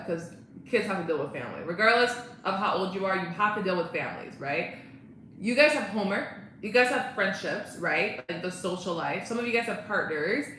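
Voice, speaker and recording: A woman's voice: a little high, pushed and bright, a little hiss or hum. A young woman chatting casually on a live stream, bubbly and laughing often as she greets viewers. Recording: very echoey room.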